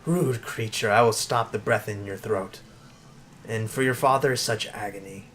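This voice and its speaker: A man's voice: lowish voice, fairly bright tone, a little hiss or hum, natural voice. A man voicing a cold, cruel stepmother queen with a put-on British accent, drawn out and menacing. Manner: haughty, drawn-out menacing delivery.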